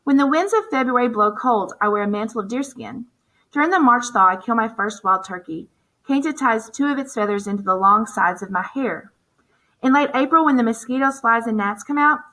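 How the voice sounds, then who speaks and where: A woman narrating a novel in the first person as an audiobook narrator, in a steady, measured storytelling voice. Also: on the high side, poor audio.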